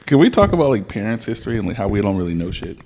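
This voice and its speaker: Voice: low-pitched, sing-song, rapid-fire, a little mellow, in a large hall. A podcast host chatting casually, mostly giving short, dry reactions. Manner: brief dry reactions and interjections. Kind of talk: casual chat.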